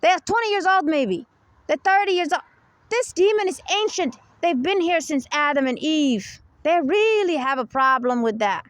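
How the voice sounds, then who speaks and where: A woman's voice: high voice, animated, normal speed, dry recording. A woman hosting a spoken religious monologue, emphatic, hammering the listener with rhetorical questions. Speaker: religious video host.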